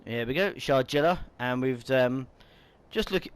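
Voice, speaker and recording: A gaming YouTuber gives casual let's-play commentary on his own playthrough, chatty and rambling while hiccups keep bothering him. His medium-pitched voice is clear and resonant and moves a little slowly.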